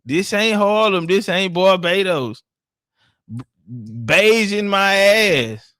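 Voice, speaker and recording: A man's voice: sits high, slow pace, sharp tone, clean tone, no room sound, studio quality. A man from Texas, hosting a livestream and bantering with viewers in a joking, boastful, profane way. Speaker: livestream host. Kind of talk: casual livestream chat with viewers.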